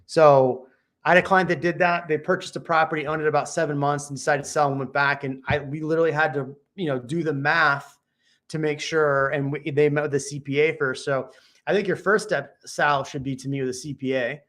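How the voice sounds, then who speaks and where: A man's voice: on the high side, steady tone, brisk, a bit bright. Easygoing joking male real estate host. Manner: laid-back, joking, thinks aloud with frequent restarts. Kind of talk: casual chat giving real estate advice.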